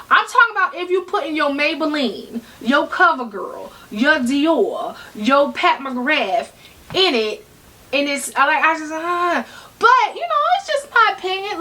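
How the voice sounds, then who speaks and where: A middle-aged woman talks straight to camera in a casual, blunt and playful way. Her voice sits high and bright, and it jumps up in pitch often. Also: sing-song, moderate pace, low-quality recording. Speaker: handbag vlogger.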